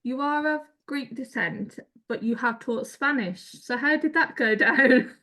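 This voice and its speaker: High-voiced giggly woman host. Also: a little slow, pushed and bright. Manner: chatty and giggly, shares her own anecdotes. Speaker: interview host, online tutor. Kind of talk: casual interview chat.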